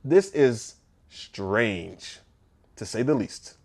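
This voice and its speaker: A man, a photographer, telling a story in a casual storytime vlog, animated and conversational with bits of mock disbelief. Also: mid-range voice, drawn-out words, vocal fry.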